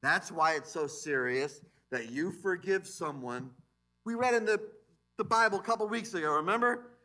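A man preaching a sermon as pastor in a church, animated, swinging between loud emphasis and quiet asides. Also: high voice, moderate pace. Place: church sanctuary.

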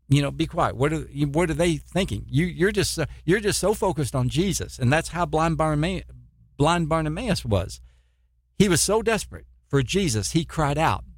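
Brief: male preacher, fairly high voice, fervent sermon delivery with many restarts, dry room. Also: no room sound. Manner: fervent, repeats himself, rhetorical questions. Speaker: preacher and missionary.

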